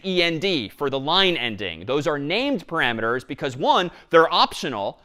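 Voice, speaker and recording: A man giving a university programming lecture, explaining live code step by step in a lively, engaged way. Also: fairly high pitch.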